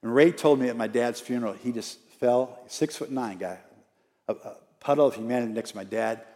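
A man's voice: medium pitch, brisk, warm tone. A man, an outreach minister, preaching a storytelling sermon in a church and coaxing the congregation to repeat lines back to him. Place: church sanctuary. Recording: church hall with long reverb.

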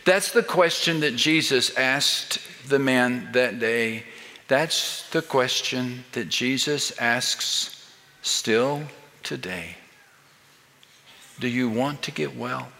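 A man's voice: medium pitch, bright, forceful tone. Older male pastor preaching in a reverberant hall. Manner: emphatic, building rhetorical questions. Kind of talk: sermon. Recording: long reverb of a large hall.

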